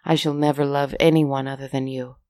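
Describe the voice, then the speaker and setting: A woman voicing a lovesick young prince in a storybook tale, pleading in an earnest, hushed way. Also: rumbling low, flat delivery, brisk, no room sound.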